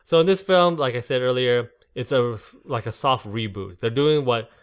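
A man's voice: medium pitch, moderate pace, smooth. A man hosting a casual movie discussion, rambling with many fillers and restarts.

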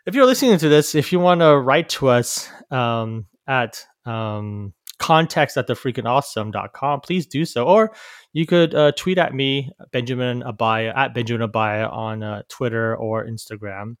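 A man's voice: medium pitch, normal speed, smooth, no echo, clean studio sound. A man hosting a podcast, talking casually about films with many fillers, restarts and trailing-off asides. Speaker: podcast host. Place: live venue recording.

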